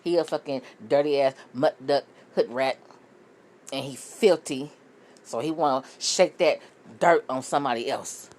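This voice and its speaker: A woman's voice: very deep voice, normal speed, a little mellow. A woman hosting a casual reaction commentary, blunt, profane and opinionated. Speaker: host.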